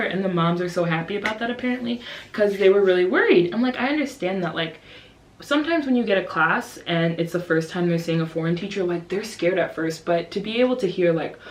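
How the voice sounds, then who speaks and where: A woman in her twenties, an English teacher, vlogs casually to camera in a brisk, creaky voice, animatedly slipping into high, lively voices to act out her students, other teachers and herself. It's recorded on the camera's built-in mic with roomy echo and a little hiss or hum.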